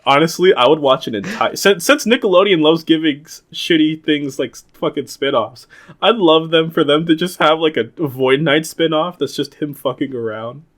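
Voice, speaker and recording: A man's voice: a little high, normal speed, fairly bright tone. A young man co-hosting a podcast, casually recapping an episode in a rambling, laughing way, swearing and acting out quoted lines. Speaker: podcast co-host.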